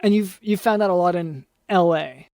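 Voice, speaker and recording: A man's voice: high-pitched, moderate pace, a little mellow, no room sound, clean studio sound. A man hosting a comedy podcast as a doctor, hesitant and stammering.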